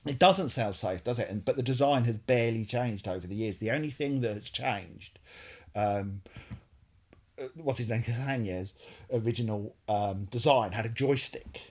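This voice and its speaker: Male co-host, mid-pitched, loose rambling delivery with jokes and self-corrections. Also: moderate pace. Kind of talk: casual chat.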